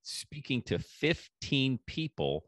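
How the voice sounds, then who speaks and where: A man hosting a podcast and telling a story in a casual, animated way, acting out the people he quotes. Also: mid-range voice, slow, no echo, clean studio sound. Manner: animated, acts out quoted voices. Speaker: podcast host.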